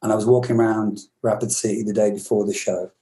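A man's voice: fairly low pitch, level tone, quick pace, dark tone, low-quality recording. A man from Britain in his fifties, a musician guest telling long reflective stories in an interview, rambling with many restarts. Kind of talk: storytelling interview.

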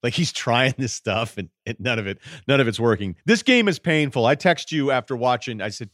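A man co-hosting a sports podcast, telling game stories casually and dropping his voice low to mimic the people he quotes. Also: lively intonation, brisk, hardly any pauses, a bit bright, dry recording, studio quality. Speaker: podcast co-host.

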